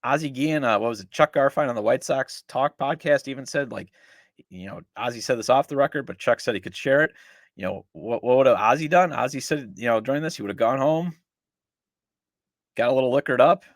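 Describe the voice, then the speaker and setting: A man's voice: medium pitch, a little fast, no echo, studio quality. A middle-aged man hosting a sports podcast, ranting with exasperated sarcasm about his team. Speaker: podcast host. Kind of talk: opinionated sports talk.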